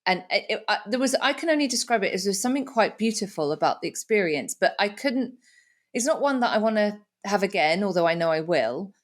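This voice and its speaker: Woman, middle-aged, podcast host, candid, reflective, mid pitch. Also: expressive, quick pace. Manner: candid, reflective, with frequent restarts. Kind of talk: casual conversation.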